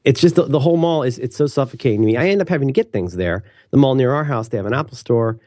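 A man co-hosting a casual podcast chat, rambling and teasing his co-host, with lots of restarts and an animated delivery. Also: mid-range voice, quick pace, no echo, clean studio sound. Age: adult with a daughter.

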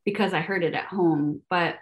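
A woman's voice: fairly low pitch, fairly even intonation, moderate pace. Chatty young woman, Spanish speaker. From Venezuela. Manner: chatty, many fillers and restarts, laughs often. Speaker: guest, math educator. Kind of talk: casual podcast interview.

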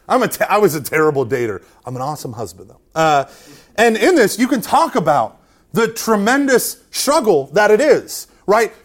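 A man in his thirties, a Catholic speaker, giving a joking, animated storytelling talk to an audience. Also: high voice. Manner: animated, joking, self-deprecating.

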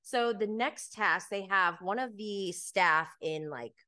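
A woman's voice: mid-range voice, slow, sharp tone. A woman hosting a podcast, chatting casually and with animation about reality TV, laughing often and filling her talk with "like". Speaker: podcast host. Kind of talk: casual chat recapping reality TV.

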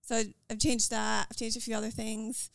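An American woman with a Scottish-tinged accent, talking as a podcast guest in an earnest, quick way with fillers and restarts. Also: a little high, little pitch movement, vocal fry, clear, resonant tone, no room sound. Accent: American with a Scottish lilt. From United States. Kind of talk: casual conversational interview.

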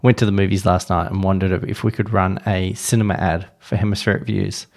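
A man chats casually as a podcast co-host. His voice sits on the low side, and he talks in a wry, rambling way, restarting his sentences. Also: little pitch movement, fairly quick, gravelly, faint music behind. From Australia. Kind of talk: casual chat.

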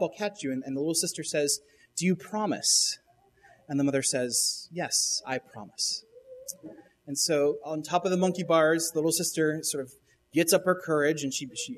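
A male pastor retelling a children's show episode during a sermon, with frequent restarts and emphatic rises. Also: on the high side.

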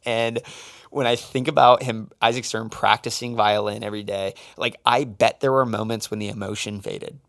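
A middle-aged man co-hosting a casual faith talk, an animated storyteller who acts out the quotes in his stories. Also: lowish voice, normal speed, gravelly. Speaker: podcast co-host.

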